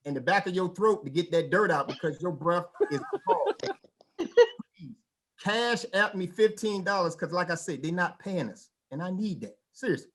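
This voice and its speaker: A man performing a stand-up comedy set at a virtual show, telling stories with lively mimicked voices and casual vernacular speech. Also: a little high, moderate pace. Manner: animated storytelling with mimicked voices.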